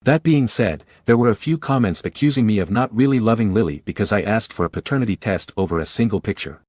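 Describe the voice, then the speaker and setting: A man reading a first-person story aloud in an even, measured way. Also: on the low side, dry recording. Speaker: narrator.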